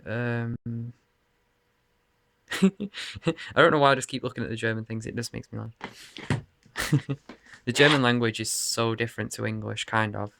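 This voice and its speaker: A man's voice: mid-range voice, steady tone, normal speed, vocal fry, pauses often, noisy background. A man rambling casually to camera in his bedroom about his game collection, laughing and swearing often. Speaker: video game collector showing his cases.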